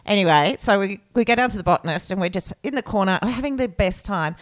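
A woman's voice: mid-range voice, expressive, fast talker. A woman in her forties with an Australian accent, co-hosting a casual chat and telling anecdotes with blunt quips. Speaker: podcast co-host.

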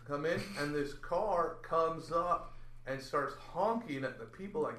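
A man's voice: a little high, a little slow, reverberant. A man on a podcast, telling a story casually and acting out what people said. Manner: animated storyteller, acts out quoted lines. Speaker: podcast guest.

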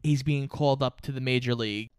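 A man's voice: medium pitch, steady tone, fast, clear, resonant tone, no room sound, studio quality. A man co-hosting a casual movie podcast. He walks through the plot step by step in a storytelling manner. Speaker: podcast co-host. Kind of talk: casual movie recap chat.

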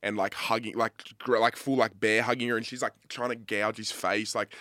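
A young man in his twenties with an Australian accent, co-hosting a podcast and telling a sweary, animated story in casual chat. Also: mid-range voice, quick pace, no echo, clean studio sound. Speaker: podcast co-host.

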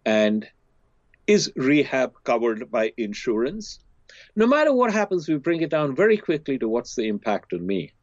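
A man in a podcast interview telling a teaching story, acting out the people in it with big rises in pitch. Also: moderate pace, no echo. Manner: animated storyteller, voices characters with big pitch swings. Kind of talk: storytelling in conversation. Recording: dry, slightly dull lo-fi sound.

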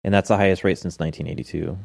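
Deep-voiced man hosting, dry close sound. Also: racing, creaky, dry recording. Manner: steady, steers topics, reads out statistics. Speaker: host. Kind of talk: casual chat.

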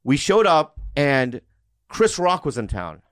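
A man co-hosting a casual comedy podcast, talking in animated, defensive bursts with many restarts and some swearing. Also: fairly high pitch, slow, clean tone, no room sound, clean studio sound. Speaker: podcast co-host. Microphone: studio mic.

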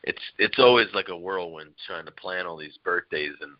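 A man's voice: low-pitched, normal speed, dry recording, highs cut off. A man chatting casually as a podcast guest, rambling and laughing as he tells family stories. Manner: rambling, laughing, lively storyteller. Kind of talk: casual chat.

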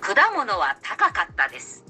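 A woman reading practice sentences as a language app voice, slow and clearly enunciated. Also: lowish voice, huge pitch swings, bright, forceful tone, soft background music, heavily acted.

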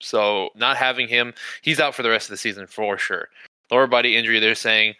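Guy cohosting a sports podcast, super bright crisp voice, swears a lot, dry close mic. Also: medium pitch, brisk, dry recording, low-quality recording. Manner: profane, animated, says "bro" and "you know" often. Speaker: podcast co-host. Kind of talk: casual sports podcast chat.

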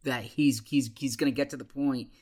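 Brief: male co-host, halting and self-conscious, mid-pitched voice, casual sports chat. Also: fairly even intonation, darkish tone. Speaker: podcast co-host.

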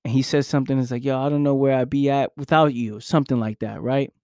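A man's voice: medium pitch, fairly even intonation, fast talker, darkish tone, clear, resonant tone, dry recording, studio quality. A man hosting a podcast, giving an earnest, emphatic motivational talk, repeating key phrases and swearing casually. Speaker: podcast host. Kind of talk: motivational monologue.

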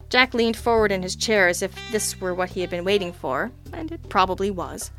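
A woman reads a first-person audiobook in an even, wry narrative voice. Her pitch sits at an ordinary middle level, and faint music plays underneath the reading. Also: a little fast, few pauses.

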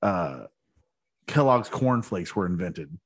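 A man's voice: deep voice, expressive, slow pace, breathy edge. A young man in casual chat, rambling and swearing as he tells stories. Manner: rambling, swearing, restarts often.

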